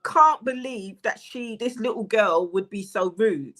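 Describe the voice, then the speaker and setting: A woman's voice: medium pitch, fairly bright tone. A woman co-hosting a podcast, chatting casually and reacting bluntly to her partner. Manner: blunt, agreeing, quick reactions. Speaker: podcast co-host. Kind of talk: casual chat.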